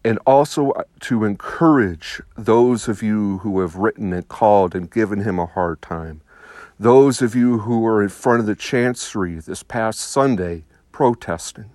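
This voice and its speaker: A priest speaking slowly and emphatically, making a combative argument to listeners with rhetorical questions. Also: male voice, lowish voice, a little mellow, dry recording, studio quality. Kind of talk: spoken commentary to listeners.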